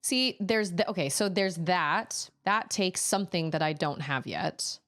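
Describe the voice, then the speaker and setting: Animated, chatty woman streamer. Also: lowish voice, measured pace. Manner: chatty, animated, jumps into silly voices and laughs. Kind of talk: casual gameplay stream chat.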